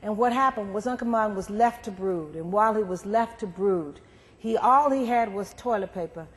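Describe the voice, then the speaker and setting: A woman giving a storytelling lecture at a university, animated and acting out the people she quotes. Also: mid-range voice, moderate pace. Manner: animated, acts out quoted voices. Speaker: guest speaker. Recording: long hall reverb.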